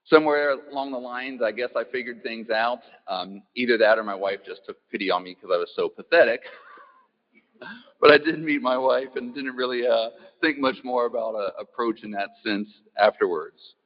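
A man gives an easygoing talk in a mid-range voice, asking the audience questions and poking gentle fun at himself. His voice carries a long hall reverb. The sound is a bit muffled and dull. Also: mid-range voice, normal speed. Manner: easygoing, self-deprecating, asks the audience questions. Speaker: speaker giving a talk. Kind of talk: folksy talk opening with a joke.

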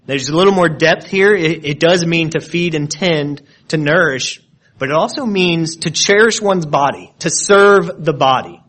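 A man's voice: a little high, moderate pace, fairly bright tone. A man preaching an expository sermon, explaining word meanings with frequent restarts and repeated words.

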